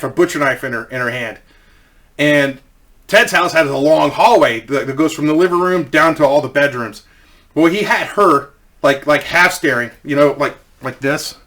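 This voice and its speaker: A man's voice: a little high, a bit bright. A middle-aged man hosting his own channel, telling a rambling prank story casually, swearing and laughing often.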